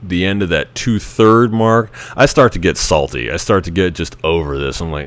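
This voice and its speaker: A man's voice: low-pitched, normal speed. A man in his thirties, a Navy veteran, telling casual stories about his service in a rambling, chuckling way with many restarts. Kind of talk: casual anecdotal storytelling.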